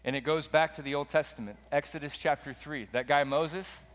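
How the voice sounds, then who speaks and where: Male preacher, relaxed conversational delivery, recorded with a long echo in a large church hall. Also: a little high, brisk. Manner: casual conversational storytelling. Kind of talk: sermon.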